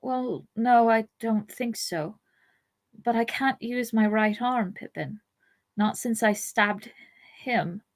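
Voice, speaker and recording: A woman voicing a wounded young male hobbit who speaks haltingly and trails off. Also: on the high side. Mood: weary. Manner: faltering, trailing off.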